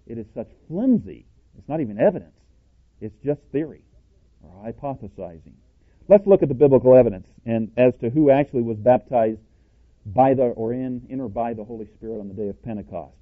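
A self-described cowboy preacher and Bible teacher gives a plain-spoken, scripture-based sermon in a husky, mid-pitched voice. He's emphatic and keeps quizzing listeners with rhetorical questions, and the audio sounds thin and tinny, like a phone line.

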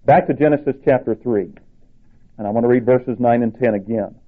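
A man preaching a sermon with emphatic delivery, rising in pitch to stress his points. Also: a little fast. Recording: tinny phone-like sound.

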